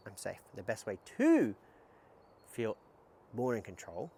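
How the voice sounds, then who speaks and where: A man, a somatic psychotherapist, talking candidly and casually to camera, swearing now and then in a lively stop-start way. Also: fairly low pitch, a little slow, slightly rough. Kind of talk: casual explanatory talk to camera.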